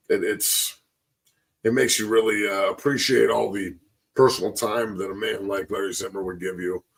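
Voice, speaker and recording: A man with a low, gravelly, husky voice talks through sports memories in a loose, rambling way, choked up. His voice sits a little back from the mic. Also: distant mic, poor audio. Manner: rambling, reflective, with fillers. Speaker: sports show host, former player. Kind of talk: casual sports talk.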